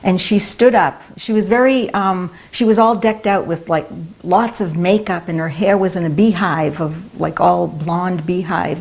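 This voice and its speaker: An older woman telling lively, amused stories from her time as a devotee, with laughter in her voice. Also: lowish voice, measured pace, gravelly. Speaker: devotee sharing memories. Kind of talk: anecdotal storytelling.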